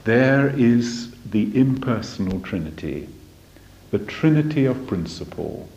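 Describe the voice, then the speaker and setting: Slow, deliberate man lecturing. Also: mid-range voice, sing-song, a little mellow, a little hiss or hum. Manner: deliberate, emphatic, asks rhetorical questions. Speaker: religious study teacher. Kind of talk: slow lecture on a spiritual text. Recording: dull lo-fi recording.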